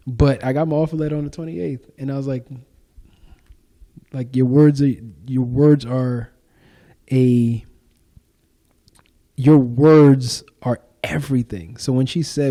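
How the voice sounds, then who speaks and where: Young man, podcast host, casual slangy talk, mellow dark tone, middle pitch, animated retelling. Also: measured pace, pauses often. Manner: animated storytelling, acts out quoted exchanges. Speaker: podcast host and owner being interviewed.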